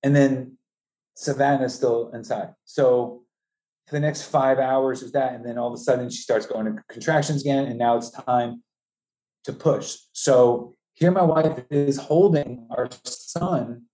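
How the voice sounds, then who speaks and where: A man telling the story of losing his newborn twins, speaking haltingly with many restarts, his voice climbing high and strained with grief. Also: steady tone, dark tone, echoey room. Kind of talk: emotional personal testimony.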